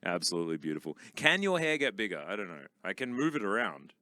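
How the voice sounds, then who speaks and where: A man's voice: on the low side, sing-song, bright, forceful tone, no echo. A male esports caster in casual, joking broadcast banter with his co-caster. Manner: playful, joking, quick to laugh.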